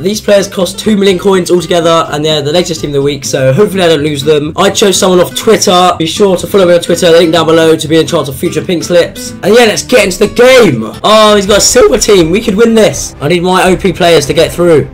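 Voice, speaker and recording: A man with a hoarse, damaged voice, giving excited, sweary commentary on his own football video game match and yelling at goals. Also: high-pitched, quick pace, hardly any pauses, faint music behind. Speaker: gaming YouTuber.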